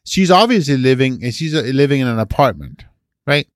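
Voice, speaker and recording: A man's voice: medium pitch, animated, a little fast, dry recording, clean studio sound. A man co-hosting a podcast, reasoning aloud and often checking for agreement. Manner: questioning, seeks agreement with "right?". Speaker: podcast co-host. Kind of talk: casual chat.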